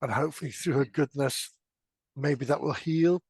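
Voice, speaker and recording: A man's voice: mid-range voice, moderate pace, husky, no room sound. A man playing a tabletop game, speaking hesitantly with repeated words. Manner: hesitant, stammering. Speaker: player. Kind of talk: casual play talk.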